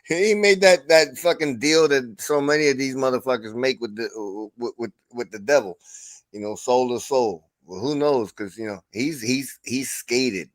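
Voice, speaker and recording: A middle-aged man talks casually on a livestream, spinning profane stories and breaking into laughs. His voice sits mid-pitch and sounds dry and close to the mic. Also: normal speed, no echo. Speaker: stream host.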